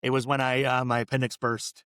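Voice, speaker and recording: Male podcast co-host, mid-pitch, laid-back rambler, dry booth sound. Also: flat delivery, brisk, a bit bright, smooth, dry recording. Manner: rambling, laid-back storytelling with many fillers. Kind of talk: casual film podcast chat.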